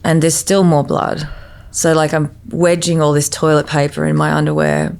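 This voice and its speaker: Woman, podcast guest; deep, fry-edged voice; halting personal storytelling full of restarts. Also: a little mellow.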